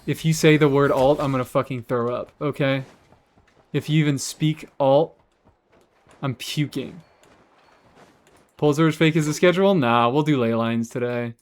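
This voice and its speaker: A man's voice: on the high side, steady tone, normal speed, pauses often, darkish tone. A young man chatting casually with his chat while streaming a game, sarcastic and swearing freely.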